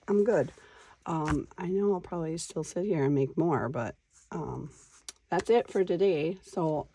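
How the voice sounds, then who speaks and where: A woman hosting a casual crafting vlog, talking quietly to herself as she works. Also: sits low, husky, dry recording. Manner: quiet, mutters to herself while working. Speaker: crafting channel host.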